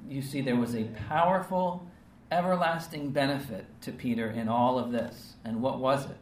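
Earnest and emphatic, this male preacher keeps asking short rhetorical questions like "right?" and "okay?" as he delivers his sermon. He speaks at medium pitch and a moderate pace, captured by a distant mic in a roomy space with faint ambience and slight background noise.

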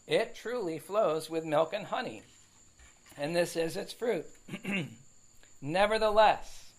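Man teaching scripture with a higher voice. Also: takes it slowly, rough recording. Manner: explains verse by verse, frequent fillers and tag questions. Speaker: Bible teacher. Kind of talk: conversational Bible study teaching.

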